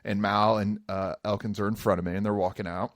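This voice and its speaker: A young man co-hosting a podcast, telling stories in a casual, animated way and laughing easily. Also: fairly low pitch, brisk, no echo, studio quality. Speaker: podcast co-host. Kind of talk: casual chat.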